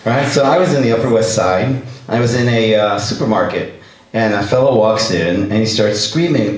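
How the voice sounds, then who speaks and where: A man's voice: on the low side, moderate pace. A man from Canada, a rabbi giving a humorous lecture who acts out the characters in his stories. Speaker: rabbi, speaker. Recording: echoey hall, distant mic.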